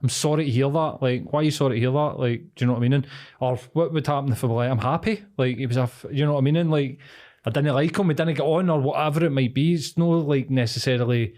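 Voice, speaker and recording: A man's voice: mid-range voice, fast talker, darkish tone. A man, a podcast host, musing in rambling casual chat full of filler words.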